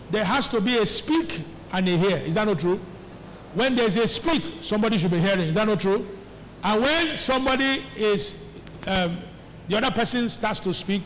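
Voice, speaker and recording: A man's voice: high voice, a little hiss or hum. A man preaching a sermon as pastor, often asking the congregation whether they hear him. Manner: call-and-response preaching, repeated questions to the congregation. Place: church hall. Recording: faint echo of a large church hall.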